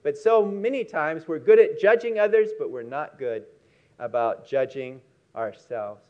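A man preaching a sermon, telling a story with emphatic, slowed key words. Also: a little high, animated, darkish tone, lo-fi sound.

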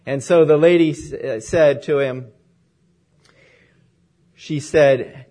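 A man's voice: on the high side, steady tone, takes it slowly, long pauses, dark tone. A male pastor opening in prayer and telling a story as he preaches a sermon.

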